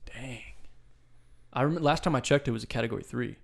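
A young man in loose, animated conversation, co-hosting a podcast. His voice sits at an ordinary middle pitch, and he keeps dropping "dude" into his sentences as he riffs on whatever comes up. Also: fast talker, creaky. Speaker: podcast co-host. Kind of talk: casual chat.

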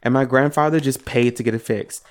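A young man co-hosting a podcast, telling personal stories in an animated, casual way with some swearing. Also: mid-range voice, brisk, smooth. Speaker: podcast co-host. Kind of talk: casual chat.

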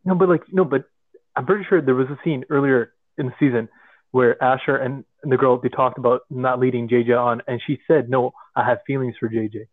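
A man co-hosting a podcast in casual chat, hesitant and then animated. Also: mid-range voice, fairly quick, no room sound. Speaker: podcast co-host. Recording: tinny phone-like line.

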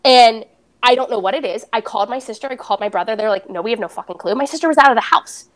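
A woman's voice: fairly high pitch, very fast. A young adult woman, a podcast guest, candidly retelling a personal story and acting out the dialogue.

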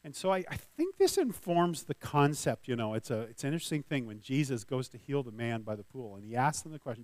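A man's voice: medium pitch, very animated, brisk, darkish tone, no room sound. A man giving a sermon as a pastor, talking in a loose conversational way with restarts and light laughs, and reading scripture with rising force.

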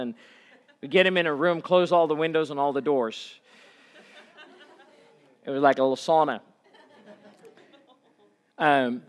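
A man preaches to his church, his voice sitting a little high for a man. He tells a camp story in a storytelling way, then builds into loud, fervent calls to faith. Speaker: pastor and camp director. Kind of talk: sermon.

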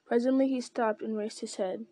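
A woman reads a story aloud in a steady, measured way. Her voice is warm and mellow, slightly high. The sound is dry and close to the microphone. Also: dry recording. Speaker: audiobook narrator. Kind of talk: scripted narration.

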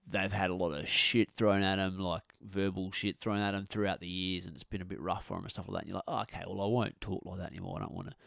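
A middle-aged man riffs on his podcast, his low voice gravelly with fry. He talks bluntly and swears freely, circling back and restarting his sentences. His voice is dry and close. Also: fairly bright tone, no echo. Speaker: podcast host. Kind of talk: casual podcast rant. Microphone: podcast microphone.

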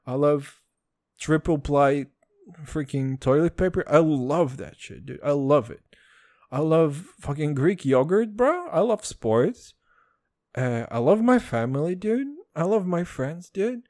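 A young man from Israel rambles through a casual solo podcast, swearing freely and calling his listeners "dude". His voice is lively and swoops up and down. The mic is close and dry, with no room sound. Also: measured pace, no room sound. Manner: rambling, profane, animated with pitch jumps. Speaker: podcast host.

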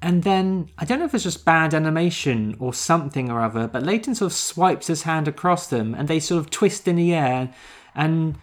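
A podcast co-host with a mid-range voice, talking through a film in relaxed conversation. The delivery is wry and joking, with asides and frequent laughs. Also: medium pitch, moderate pace. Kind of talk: casual chat reviewing a film.

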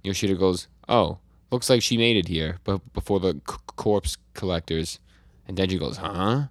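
Podcast co-host, male, very low voice, dead-dry close mic, relaxed recap of comics. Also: normal speed, no echo. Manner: reads out comic dialogue in a flat retelling, with fillers and restarts. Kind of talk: casual chat recapping comics.

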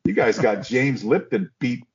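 An older man, a guest actor, telling stories from his career in an animated way and acting out the quotes. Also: medium pitch, a little slow, breathy edge, dull audio. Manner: animated storyteller, acts out quotes. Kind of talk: casual storytelling interview.

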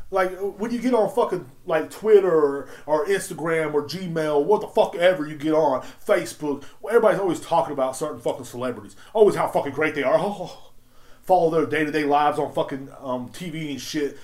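A man's voice: fairly high pitch, a little mellow. A man hosting a solo podcast, ranting in a heated, rambling and profane way. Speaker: podcast host.

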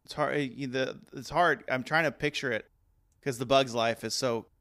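A man hosts a podcast in rambling, casual talk and laughs often. His voice has a gravelly, fry-heavy texture and sits at a mid pitch. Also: fairly even intonation, moderate pace, fairly bright tone. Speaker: podcast host.

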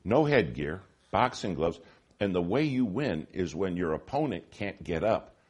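A man preaching a sermon in an auditorium, telling stories with lively swings from hushed to loud. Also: deep voice, measured pace, husky. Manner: animated storytelling, shifting from hushed to loud.

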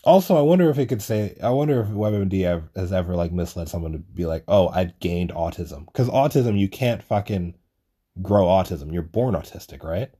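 Low-voiced young man rambling casually. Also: expressive, brisk, mellow, slightly rough. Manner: rambling, swears a lot, self-deprecating. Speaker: podcast host.

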